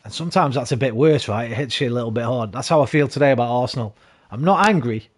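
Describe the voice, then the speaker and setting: A man's voice: medium pitch, rapid-fire. A tired man chatting and rambling casually to his viewers while streaming a game. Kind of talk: casual live-stream chat while gaming.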